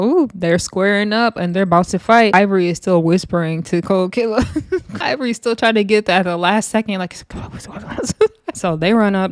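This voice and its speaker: A woman giving a casual, blunt recap of a reality show, animated and profane, laughing often. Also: fairly low pitch, smooth, no room sound, studio quality.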